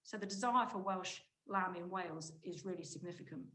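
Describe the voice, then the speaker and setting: Woman giving a brisk conference talk. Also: on the low side, a bit bright, slight background noise, poor audio. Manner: brisk, emphatic, restarts mid-phrase. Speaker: conference speaker, market insight director. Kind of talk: conference presentation.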